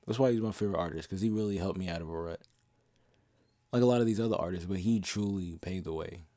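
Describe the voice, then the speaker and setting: A young podcast host delivers a casual, passionate monologue, blunt and profane, sometimes half-singing the song lyrics he quotes. His voice is low and mellow, in a dry, studio-quality recording.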